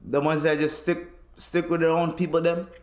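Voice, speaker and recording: A man's voice: fairly high pitch, level tone, normal speed, a little mellow, echoey room. A young man hosting a podcast, ranting casually and profanely with laughs. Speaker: podcast host. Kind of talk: casual solo podcast rant.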